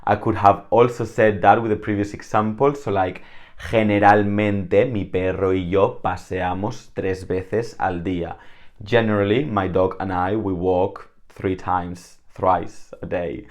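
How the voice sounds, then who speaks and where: A man from Spain with a Spanish accent, teaching a casual online language lesson, chatting and repeating words slowly to explain. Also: on the low side.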